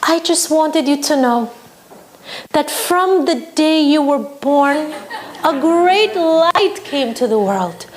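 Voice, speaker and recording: A woman's voice: high-pitched, expressive, normal speed, pitched above the performer's own voice. A woman putting on a gushing, doting older mother. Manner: sweet, coaxing, heaping endearments.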